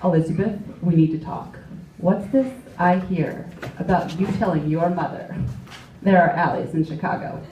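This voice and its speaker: A stern father scolds in a lowered, clipped voice, as a woman puts him on. The room adds echo, and the mic sits some way off. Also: moderate pace, a little mellow, distant mic, a little hiss or hum, close to an everyday voice. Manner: grave and clipped. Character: stern, serious father scolding his daughter. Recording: echoey club, mic from afar.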